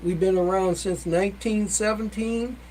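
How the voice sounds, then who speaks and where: A guest on a community TV show, speaking haltingly with many filler pauses. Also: medium pitch, fairly even intonation, darkish tone, poor audio. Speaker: service club guest. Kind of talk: casual interview.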